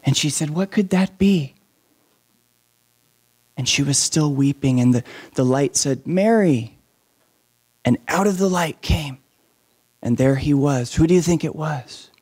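A man telling a story to children, animated and asking the listeners questions along the way. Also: medium pitch, moderate pace, husky.

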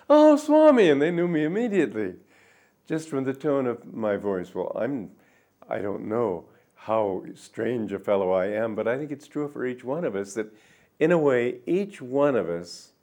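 An older man giving a reflective spiritual talk, speaking gently and musingly, with soft drawn-out endings. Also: mid-range voice. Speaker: spiritual teacher.

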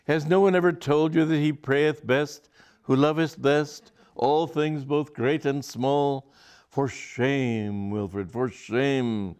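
A man voicing a sanctimonious, scheming young gentleman in a read-aloud comic story, theatrical and preachy. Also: mid-range voice, steady tone, takes it slowly, clean tone, voice pushed up, lightly acted.

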